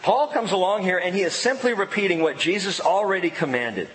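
A man's voice: sits high, expressive, brisk, fairly bright tone, a little hiss or hum. A man preaching a sermon, telling a personal story with self-mocking humor. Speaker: pastor. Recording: long reverb of a church hall.

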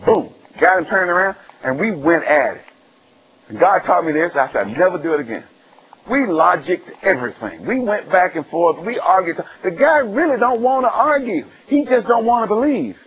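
A man preaching a sermon, telling stories with animated ups and downs in his delivery. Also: normal speed, breathy edge, dull audio. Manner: animated storytelling, rising high and loud when excited.

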